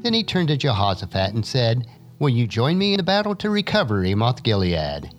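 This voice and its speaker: A man reads scripture aloud with a lively, rising and falling delivery, lifting his pitch whenever a character speaks. His voice sits in a middle register. Faint music plays underneath. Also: a little fast. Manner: expressive reading, lifting pitch for quoted speakers. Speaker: scripture reader and teacher. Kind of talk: Bible reading followed by an essay.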